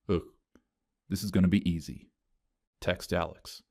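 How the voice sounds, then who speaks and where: A man's voice: low voice, fairly even intonation, unhurried, gravelly, long pauses, darkish tone, dry recording. A man narrating a scripted first-person story in short, dry, clipped phrases.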